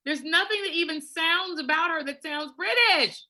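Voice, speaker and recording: A woman's voice: very high-pitched, normal speed, pushed and bright. A woman in casual chat, emphatic and insistent, who laughs often.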